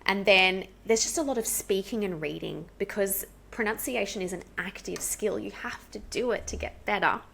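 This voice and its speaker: An Australian woman, an English pronunciation coach, explaining her teaching earnestly and practically in an interview, slowing down to demonstrate word stress. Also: mid-range voice, creaky, fairly bright tone, slight background noise. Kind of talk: explanatory casual interview talk.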